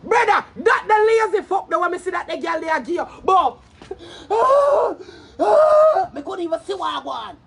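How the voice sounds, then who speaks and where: A young Jamaican woman ranting loudly in commentary, profane and brash, bursting into shouts and cackling laughter. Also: very high voice, a little fast, vocal fry, hardly any pauses, a little hiss or hum. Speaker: social media commentator.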